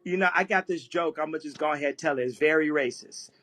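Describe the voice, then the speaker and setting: A man's voice: fairly high pitch, fast talker, fairly bright tone, faint music behind. A man telling a story in a casual live chat, often breaking into laughter as he talks. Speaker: guest speaker on an audio chat room.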